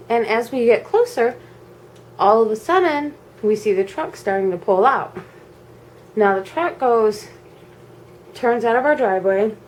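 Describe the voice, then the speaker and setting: A young woman vlogger at home, telling a personal story in a casual, animated way. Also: medium pitch, a little hiss or hum, rough recording. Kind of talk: storytime vlog. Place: home at night.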